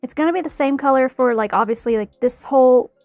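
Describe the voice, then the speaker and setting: High-voiced young woman rambling and giggling, dry close sound. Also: quick pace, a little mellow, dry recording, soft background music. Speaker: streamer painting a figure. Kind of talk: casual chat while crafting.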